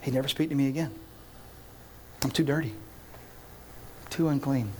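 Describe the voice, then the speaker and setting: A man's voice: medium pitch, normal speed, darkish tone, a little hiss or hum, lightly acted. A man voicing a desperate young man who talks himself into begging to go home, in an anxious, self-pleading monologue. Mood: ashamed.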